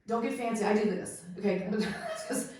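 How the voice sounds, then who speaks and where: A woman's voice: medium pitch, moderate pace. Middle-aged woman teaching in an echoey room. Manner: instructive, animated, demonstrates while talking. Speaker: host and Ouija instructor. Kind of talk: hands-on teaching during a paranormal investigation. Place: indoors in a room of an old house.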